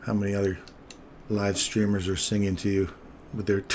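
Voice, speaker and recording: A man hosting a live trading stream, giving playful, teasing commentary with a gravelly voice. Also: on the low side, moderate pace, pauses often, a little hiss or hum. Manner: playful, teasing, excitable calls.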